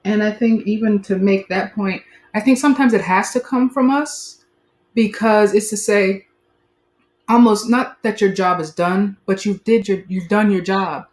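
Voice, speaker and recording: A woman's voice: medium pitch, steady tone, a little slow, a little mellow. A woman hosting a casual conversational interview, thoughtful and affirming, who often says "like". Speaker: host. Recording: roomy echo.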